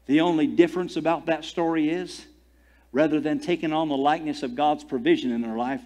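Emphatic preacher, loud peaks and hushed asides. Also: male voice. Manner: storytelling, swings from loud emphatic peaks to low quiet asides. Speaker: pastor. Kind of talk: sermon.

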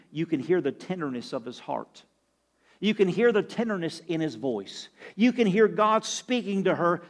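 A man pastor preaching a sermon, swinging between loud and soft, asking the congregation questions. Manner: preaching with sweeping swings in pitch and loudness.

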